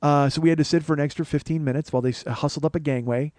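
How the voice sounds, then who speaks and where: A man's voice: on the high side, steady tone, very fast, a little mellow, no room sound. A man telling a comic story as a podcast host, profane and ranting with mock paranoia.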